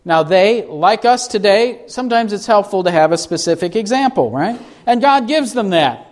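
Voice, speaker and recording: A man preaching an expository sermon, reading scripture slowly for emphasis and asking the congregation rhetorical questions. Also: high-pitched, lively intonation, a little mellow. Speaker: pastor.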